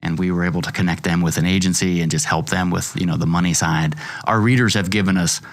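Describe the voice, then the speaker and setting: A middle-aged man, a podcast host, talking in a halting, earnest way, often repeating words as he thinks. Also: sits low, fairly even intonation, gravelly. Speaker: podcast host and magazine founder. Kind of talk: casual chat.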